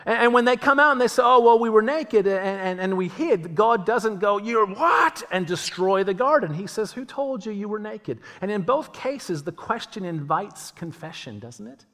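A man preaching a sermon in a lively, conversational way, acting out the voices he quotes. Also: sits high, normal speed, few pauses. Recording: long hall reverb.

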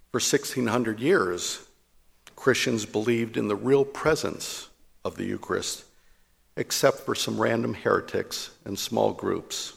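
A man, a priest, preaching a sermon in a measured, emphatic way, slowing down to stress lists. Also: on the low side, vocal fry, breathy edge, long reverb tail.

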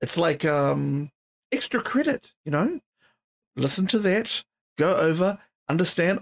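Tired gravelly New man. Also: on the high side, sing-song, measured pace. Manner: rambling, swears freely, many fillers. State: tired, yawning late at night. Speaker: podcast host. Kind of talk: casual solo podcast chat.

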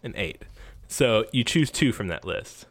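This is a man game-mastering a tabletop session, his pitch swinging up and down in a lively way. He rambles loosely, full of "like" and "uh", restarting sentences and laughing often. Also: unhurried.

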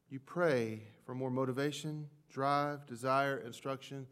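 A man preaching a sermon to a congregation. He leans hard on key words, swings between loud peaks and near-whispered drops, and acts out the doubts of his listeners as quoted prayers. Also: mid-range voice, steady tone, a little slow, few pauses, clear, resonant tone. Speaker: pastor.

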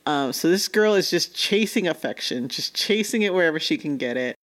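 Her voice is low, expressive, and brisk as she casually recaps an anime. Talkative and quick to laugh, this woman acts out what the characters say.

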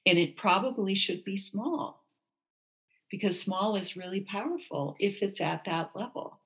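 A woman co-hosting a casual conversation, telling personal stories candidly and slipping into lively quoted voices. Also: mid-range voice, a little slow. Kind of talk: casual chat.

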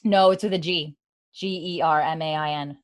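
A woman's voice: fairly even intonation, normal speed. A young woman casually recapping a TV episode, chatting and acting out the characters' lines in a raised voice. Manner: chatty, acts out characters' lines with lifted pitch. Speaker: podcast host recapping a TV episode. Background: dog heard at times.

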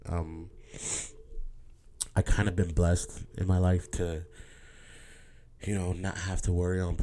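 A man's voice: low voice, mellow. A man talking candidly to his viewers in a rambling, emotional way, repeating words and swearing casually. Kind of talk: candid personal monologue.

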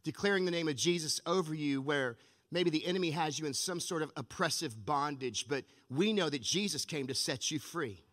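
A man pastor giving an energetic, emphatic sermon in a church sanctuary, with a long church-hall reverb. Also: on the high side, fairly quick.

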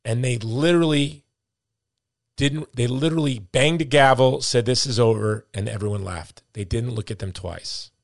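A middle-aged man in mid-range pitch, talking with fiery conviction on his podcast. He repeats words for emphasis and lets his rants run on. The sound is close and dry, with no room echo. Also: moderate pace, creaky. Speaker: podcast host. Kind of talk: impassioned podcast commentary.

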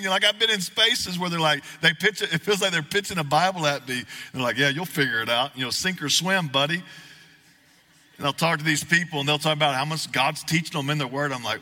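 Young male preacher, sermon, folksy, joking, slightly high voice. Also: brisk. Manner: folksy, joking, rising to shouts. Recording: echoey hall.

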